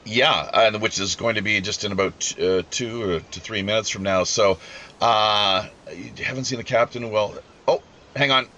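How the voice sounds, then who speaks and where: A man hosting a live podcast, talking in a halting way with many restarts. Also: lowish voice, sharp tone, dull audio, slight background noise. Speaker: podcast host.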